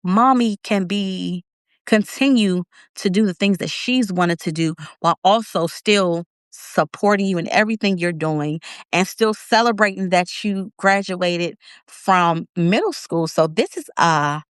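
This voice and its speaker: A woman's voice: a little slow, smooth, no echo, studio quality. A woman in her thirties telling a personal story in a casual interview, acting out her own quoted words. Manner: animated, acts out her own quotes with big pitch jumps. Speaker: interview guest.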